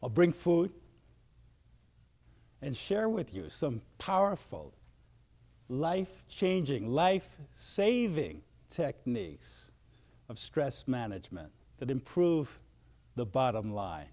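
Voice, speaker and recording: An older man giving a motivational wellness talk, animated and acting out shouted outbursts. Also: mid-range voice, takes it slowly, long pauses. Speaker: wellness speaker.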